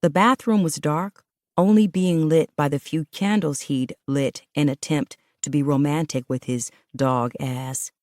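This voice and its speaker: A woman with a notably low, deep voice reads a first-person audiobook in an intimate, emotional way. The recording is dry and close, with no room sound. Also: steady tone, measured pace, a little mellow, no room sound. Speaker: audiobook narrator.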